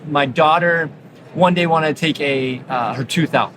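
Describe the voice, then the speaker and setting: A middle-aged man with a slightly raised pitch tells anecdotes with lively energy. He fills his speech with casual asides. A noisy convention floor hums behind him. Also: measured pace. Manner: energetic, anecdotal, frequent fillers. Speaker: orthodontist guest. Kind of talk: animated storytelling in conversation. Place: busy exhibit hall floor.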